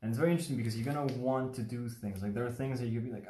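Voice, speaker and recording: A man from Mexico teaches origami in a casual livestream, rambling, chatty, and often checking in with the viewer. His mellow, mid-range voice races along with few pauses and fairly even intonation, recorded on a phone or webcam mic in an echoey room.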